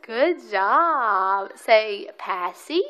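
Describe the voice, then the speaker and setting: Filming on the phone she holds, a woman at home patiently gets a toddler to echo words, sing-songing and praising her often. Her medium-pitched voice is bright and forceful, with lively intonation and a very slow pace.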